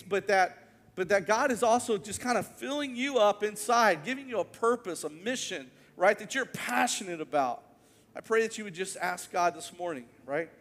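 Earnest pastor preaching in a reverberant church. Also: male voice, high-pitched. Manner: earnest storytelling preacher, slows on key words. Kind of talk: sermon. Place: church sanctuary.

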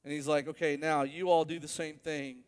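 A male pastor preaching a sermon, telling a story with animated build-ups to emphatic peaks. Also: on the high side, moderate pace, smooth, long reverb tail.

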